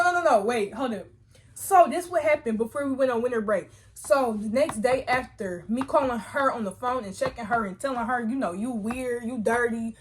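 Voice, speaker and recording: A young woman vlogger telling a storytime with lively, slangy chatter and quick self-corrections. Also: on the high side. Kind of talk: casual storytime chat.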